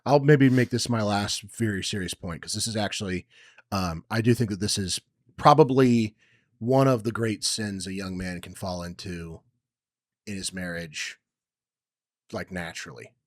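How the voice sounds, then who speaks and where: A young man co-hosting a podcast who tells a personal story in a rambling way, with many ums, and acts out quotes loudly. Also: fairly low pitch, normal speed, dry recording, studio quality. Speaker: podcast co-host. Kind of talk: casual chat, personal story.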